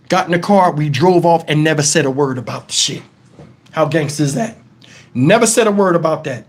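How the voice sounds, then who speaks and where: Man, livestream host, high voice, profane animated storytelling. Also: normal speed. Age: adult, twenties long past.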